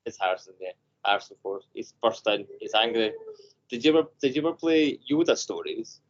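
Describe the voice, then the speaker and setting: A man co-hosting a podcast over a video call, telling animated stories and acting out voices. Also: on the low side, a little fast, muffled recording. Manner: animated storyteller, acts out voices. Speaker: podcast co-host. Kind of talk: casual chat.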